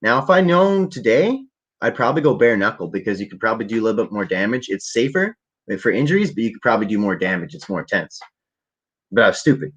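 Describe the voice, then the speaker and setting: A man's voice: lowish voice, lively intonation, fast talker, husky, highs cut off. A man telling a rambling, profane story in a laid-back, casual way to a livestream audience. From Canada. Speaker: vlogger.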